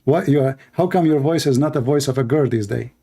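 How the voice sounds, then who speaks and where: A man's voice: mid-range voice, a little fast, mellow, breathy edge. A man hosting a live call-in debate show in slightly broken English, mocking and taunting his callers.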